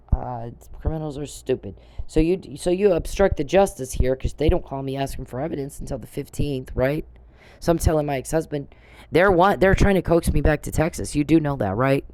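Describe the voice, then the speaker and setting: A woman's voice: very deep voice, dark tone. A middle-aged woman giving an angry monologue to camera, confrontational and sarcastic, swearing and firing off rhetorical questions. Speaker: vlogger.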